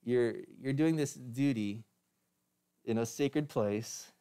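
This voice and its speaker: A man's voice: mid-range voice, slow, warm tone, clear, resonant tone. A man preaching a sermon as pastor, in a conversational way with restarts and light laughs.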